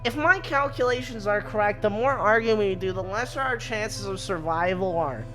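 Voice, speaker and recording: A man's voice: sits high, normal speed, over music, natural voice. A man voicing a nerdy young know-it-all with a fussy, pedantic manner, reading a fan script aloud.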